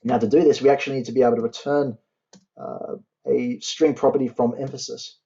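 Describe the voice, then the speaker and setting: A man's voice: medium pitch, level tone, creaky, mellow, highs cut off. Man dictating code in a tutorial. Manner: talks while typing code, spells out syntax slowly. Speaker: university tutor. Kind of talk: coding tutorial.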